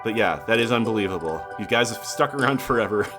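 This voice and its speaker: Laughing, animated man in casual chat. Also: on the low side, fairly quick, music in the background. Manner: laughs often, animated and profane. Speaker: podcast co-host.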